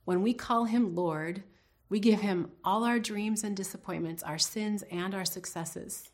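A woman's voice: mid-range voice, a little slow. A woman teaching a devotional Bible lesson in an earnest, reflective way, putting questions to her listeners.

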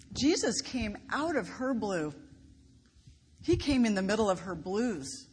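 A woman's voice: mid-range voice, husky. Woman preaching in an echoing hall. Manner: expressive, emphatic, rising on key words. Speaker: pastor. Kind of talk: sermon. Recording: long reverb of a large hall, faint background noise.

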